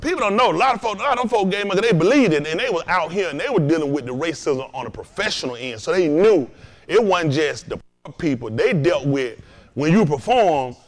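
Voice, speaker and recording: Man, host, casual joking lesson talk, animated storytelling, high voice. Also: brisk. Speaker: host and teacher.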